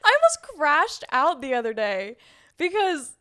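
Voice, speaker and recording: A young woman co-hosting a podcast tells a story in casual, chatty conversation, full of "like" fillers. Her voice is high-pitched and fairly bright, swooping wildly in pitch at a slightly slow pace.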